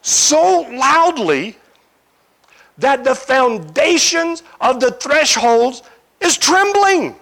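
A man preaching a sermon, retelling a scripture scene as an animated story with imaginative asides to his listeners. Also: very high-pitched, extremely slow.

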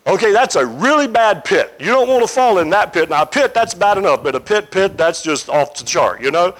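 Retelling a Bible scene with lively storytelling, a preacher breaks off for imaginative remarks to his congregation. He speaks in a high-pitched voice, a little fast.

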